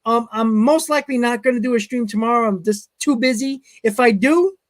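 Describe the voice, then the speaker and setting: A man's voice: very high voice, fairly quick. A man hosting a live stream, reading chat comments and telling stories in a casual way, often chuckling. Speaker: host.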